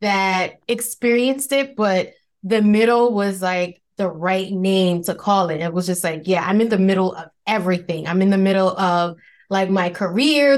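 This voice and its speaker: A woman in her thirties from the Bronx with a Bronx New York accent, chatting expressively as a podcast guest and laughing often. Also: medium pitch. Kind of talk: casual interview chat.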